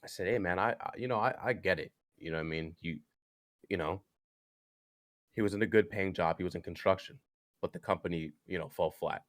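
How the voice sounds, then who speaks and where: A young man on a podcast, telling a personal story earnestly, haltingly, with frequent restarts. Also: deep voice, no room sound, studio quality. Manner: earnest, halting, with many restarts and "you know". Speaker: podcast guest.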